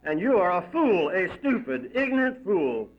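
A man's voice: high voice, very animated, normal speed. A man voicing a gloating male demon who mocks and taunts a damned soul. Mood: mocking. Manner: mocking, shrieking, cackling. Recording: dull lo-fi recording.

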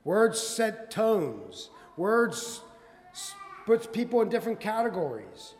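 A man preaching a sermon, quoting scripture in old-fashioned wording and building to loud, emphatic peaks. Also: sits high, sing-song, slow pace, slight background noise. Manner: quotes scripture in King James wording. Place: church sanctuary. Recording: long hall reverb.

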